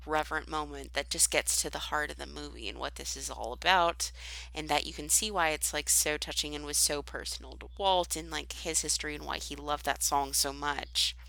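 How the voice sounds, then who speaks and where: A woman's voice: sits low, fairly even intonation, brisk, creaky, bright, forceful tone, no room sound, low-quality recording. A young woman co-hosting a podcast, explaining things earnestly and with enthusiasm in casual chat. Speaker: podcast co-host.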